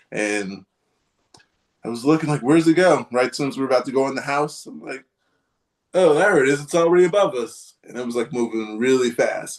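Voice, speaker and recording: A man hosting a casual live podcast chat, rambling and hesitant, with many ums and restarts. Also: medium pitch. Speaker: podcast host.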